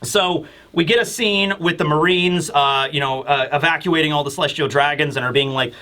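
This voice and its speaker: A man hosting a casual manga chapter review, talking in an excitable, rambling way with casual swearing. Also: fairly high pitch, normal speed.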